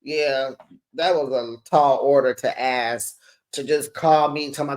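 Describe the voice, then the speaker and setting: A woman hosting a casual reality TV recap, chatty and animated, talking straight to her viewers. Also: extremely low pitch, measured pace. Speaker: recap channel host.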